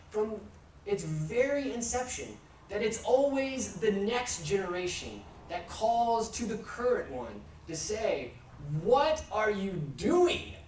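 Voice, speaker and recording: A male pastor preaching a sermon in measured, steady cadences, building his points through repeated refrains. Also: high voice, slight background noise. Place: church sanctuary. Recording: echoey church from far off.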